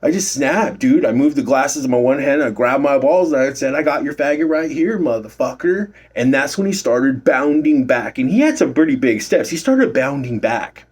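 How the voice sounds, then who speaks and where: A middle-aged man records himself at his workplace for a casual storytelling vlog, rambling about his bouncer days with plenty of fillers, restarts and free swearing. His mid-range voice is animated, darkish and husky, at a moderate pace with hardly any pauses.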